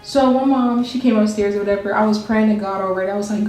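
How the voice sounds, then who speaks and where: A woman's voice: medium pitch, fairly even intonation, quick pace, few pauses, mellow. A young woman telling a personal story in casual chat, rambling and laughing as she goes. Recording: very echoey room with faint music.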